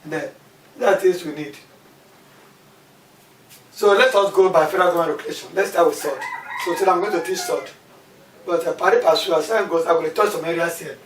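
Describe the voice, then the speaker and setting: This maths teacher talks fairly quickly in a fairly high voice, pausing often as he repeats key terms and asks questions aloud during a classroom lesson. The sound is distant and echoey, with faint background noise.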